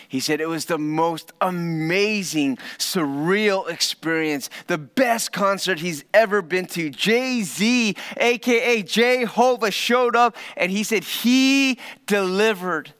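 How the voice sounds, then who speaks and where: A pastor preaching a sermon, telling a story with dramatic pauses and swings from hushed to loud. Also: male voice, a little high, clear, resonant tone.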